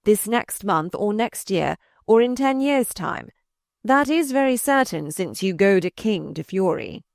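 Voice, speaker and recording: A woman reading aloud voices a sardonic, malicious older male courtier who mocks in slow, drawn-out phrases. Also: medium pitch, lively intonation, creaky, dry recording, clean studio sound, pitched above the performer's own voice. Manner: mocking, drawn-out.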